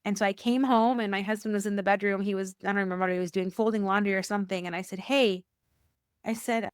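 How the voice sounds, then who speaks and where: A woman who works at a church, a podcast guest telling a personal faith story, animated, acting out quoted dialogue and repeating phrases for emphasis. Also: quick pace, clean tone, no echo, clean studio sound. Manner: animated, acts out quoted dialogue with rising pitch. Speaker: church worker.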